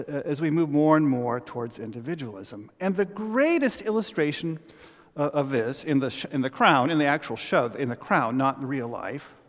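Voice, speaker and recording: A man preaching a sermon as pastor, telling a story with animated, halting restarts. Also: on the high side. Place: church sanctuary. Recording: long church reverb.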